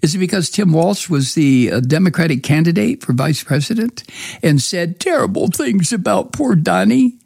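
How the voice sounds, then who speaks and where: Gravelly, profane, ranting male commentator. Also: a little high, expressive, moderate pace, darkish tone, dry recording, studio quality. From Georgia. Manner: angry, profane, sarcastic ranting with many fillers. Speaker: political commentator. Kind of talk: opinionated news commentary.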